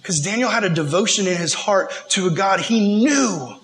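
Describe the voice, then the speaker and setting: A man preaching a relaxed, slangy sermon, with a high voice and a bright, forceful edge. He tells the story with lively, animated energy. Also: moderate pace, rough recording.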